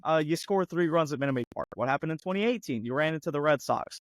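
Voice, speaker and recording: A man co-hosting a sports podcast, ranting heatedly and mocking a team with rapid-fire rhetorical questions, his voice going hoarse. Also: fairly high pitch, expressive, no echo. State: losing his voice. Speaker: podcast co-host.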